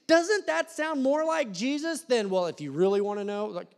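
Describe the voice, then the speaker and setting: A young adult man preaching a sermon, animated, acting out voices and swinging from loud to hushed. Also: very high voice, moderate pace, creaky. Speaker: pastor. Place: church hall.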